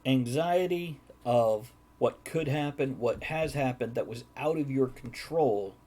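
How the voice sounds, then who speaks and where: A man's voice: mid-range voice, measured pace, dark tone. A man hosting a live-streamed talk show, joking and reading chat messages aloud in casual chat. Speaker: host.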